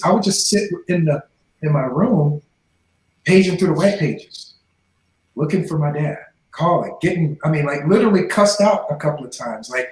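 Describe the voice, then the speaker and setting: A man's voice: on the high side, a little mellow. A man in his forties, a former professional football player, telling his life story in a podcast interview and acting out the voices in the dialogue he quotes. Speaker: guest, former NFL player. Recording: echoey room.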